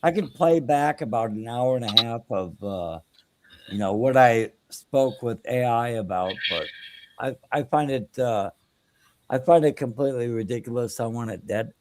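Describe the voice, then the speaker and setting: A man's voice: mid-range voice, normal speed, a little mellow, a little hiss or hum. A man hosting a live stream, chatting casually in a blunt, crude, opinionated way with lots of fillers. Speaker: streamer host.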